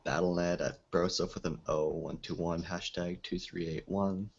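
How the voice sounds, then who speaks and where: A man's voice: low-pitched, little pitch movement, normal speed, vocal fry, breathy edge, highs cut off. A man co-hosting a gaming podcast, laid-back and laughing at himself in casual chat. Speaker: podcast co-host.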